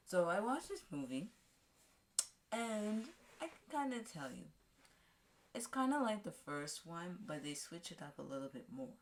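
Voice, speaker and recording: A woman vlogger casually recapping a movie, rambling with halting restarts and fillers. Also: low voice, background noise. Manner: acts out characters' lines in a raised voice.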